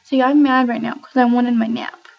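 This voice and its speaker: A woman's voice: fairly high pitch, flat delivery, moderate pace, vocal fry, highs cut off. Woman voicing a sleepy, sulky house cat. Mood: sleepy grumpy. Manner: sulky, complaining about her lost nap. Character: sleepy grumpy pet cat, female.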